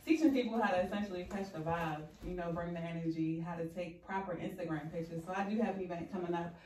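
A woman's voice: lowish voice, fairly even intonation, quick pace, dark tone, recorded from a distance. An upbeat woman chatting as a podcast guest, eager and talkative. Her voice comes from a bit off the mic in a roomy space. Light background noise sits underneath. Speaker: podcast guest, photography coach. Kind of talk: casual panel chat.

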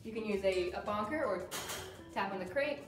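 A woman dog trainer explaining crate training in a calm, firm way while working with a dog. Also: medium pitch, normal speed. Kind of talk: instructional demonstration. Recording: roomy sound from a distance with music.

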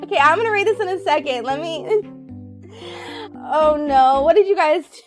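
A woman's voice: high voice, expressive, normal speed, long pauses, faint music behind. A woman streamer reacting on stream, crying and laughing as she breaks off mid-sentence. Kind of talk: emotional live-stream reaction.

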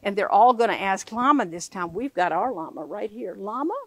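A woman's voice: mid-range voice, animated, normal speed, a bit bright, no room sound. A woman reading a picture book aloud to children, playful and full of questions for her listeners.

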